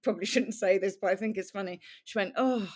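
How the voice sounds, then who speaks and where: A woman's voice: medium pitch, fairly even intonation, fast talker, darkish tone. A middle-aged woman from Wales, a podcast guest telling her life story in a chatty, candid way and laughing often. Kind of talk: conversational storytelling.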